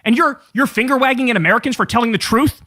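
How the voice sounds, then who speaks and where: Man, political commentary, profane, combative, quick-talking, dry close sound. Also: extremely high pitch, pushed and bright, no room sound.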